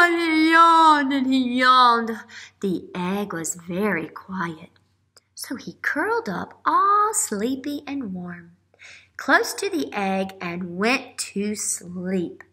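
A woman's voice: on the high side, slow pace. A woman teacher reading a children's story aloud, dropping into whispers and asking listeners to predict what happens next. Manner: animated storytelling with whispers and gasps.

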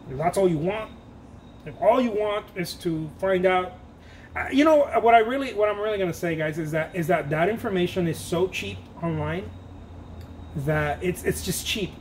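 Painting as he talks on his own art channel, a man rambles casually, pokes fun at himself and laughs a lot. The voice sits high at a moderate pace, the mood is playful, and there's slight background noise.

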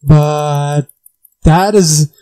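A gamer giving casual gameplay commentary, self-mocking and laughing, squealing high when surprised and scatting beatbox sounds. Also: fairly even intonation, very slow, warm tone, clean tone. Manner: scats beatbox sounds along with the game. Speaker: gamer and channel host.

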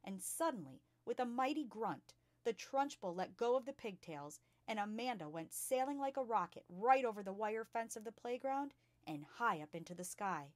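A woman reading a children's novel aloud with lively expression as a storytime host. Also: a little high, moderate pace, hardly any pauses, dry recording. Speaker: storytime reader.

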